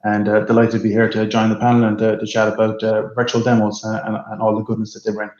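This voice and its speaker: A man introducing himself on a video call panel, measured and formal. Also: fairly low pitch, monotone, a little mellow, echoey room, dull audio.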